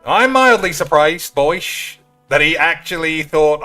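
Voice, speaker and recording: Bright-voiced man joking over gameplay. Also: a little high, lively intonation, unhurried, soft background music. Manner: crude, joking, addresses viewers as boys. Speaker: streamer. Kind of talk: casual gaming commentary.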